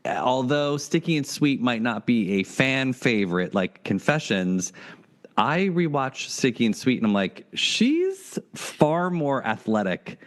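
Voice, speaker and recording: A man's voice: mid-range voice, sing-song, measured pace. A man hosting a podcast, chatting casually and asking long, rambling questions of his guest. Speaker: podcast host. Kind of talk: interview questions, casual chat.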